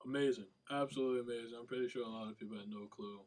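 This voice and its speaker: A man's voice: mid-range voice, steady tone, racing, darkish tone. Encouraging male interviewer. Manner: encouraging, short affirmations. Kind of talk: interview host.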